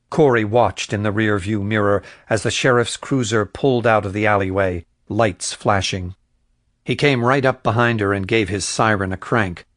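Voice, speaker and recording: A man narrating a crime thriller audiobook in a measured, even storytelling voice. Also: lowish voice, no echo, clean studio sound. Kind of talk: scripted narration.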